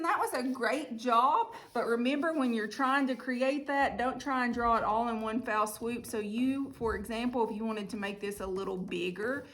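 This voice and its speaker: A woman's voice: fairly high pitch, fairly bright tone. Southern woman art teacher. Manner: friendly, chatty, step-by-step instructions. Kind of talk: online art lesson.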